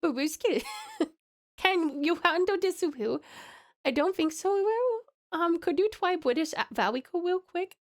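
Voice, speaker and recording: A high-voiced Australian woman chats through a live game stream. She giggles constantly, gets excited easily, and drifts into playful baby talk. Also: a little slow. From Tasmania, Australia.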